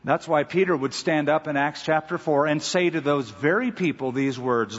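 Pastor, male, husky, emphatic storytelling, dull recording with long hall reverb. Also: fairly high pitch, normal speed, few pauses. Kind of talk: sermon.

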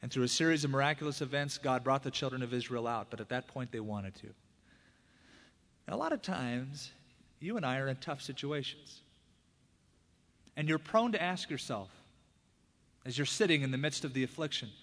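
A male pastor preaching a conversational sermon, with big swings between loud emphatic peaks and hushed, low asides. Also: animated, normal speed, long pauses. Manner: conversational preaching, acting out quoted prayers and dialogue. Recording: hall reverb.

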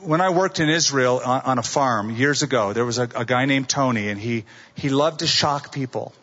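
A man's voice: mid-range voice, normal speed, fairly bright tone. Middle-aged male preacher, storyteller who acts out quotes, muffled lo-fi recording. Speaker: pastor. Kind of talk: sermon.

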